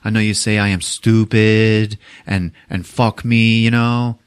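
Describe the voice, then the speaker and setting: A man impersonating a temperamental male filmmaker who speaks broken English and yells at everyone. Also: fairly low pitch, steady tone, measured pace, clean tone, natural voice. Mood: ranting. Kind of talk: comedic impression in a film recap.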